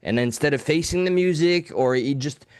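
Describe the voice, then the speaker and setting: A man's voice: fairly high pitch, normal speed, clear, resonant tone, no room sound. A man co-hosting a live call-in show, talking candidly and self-deprecatingly, swearing freely. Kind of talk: casual live show banter.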